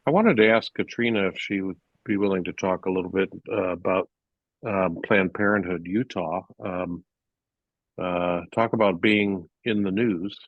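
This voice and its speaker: Low-voiced man on a tinny call line. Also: moderate pace, no echo. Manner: hesitant, with many fillers. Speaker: moderator. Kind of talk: casual video-call chat. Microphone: video call. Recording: tinny phone-like call audio.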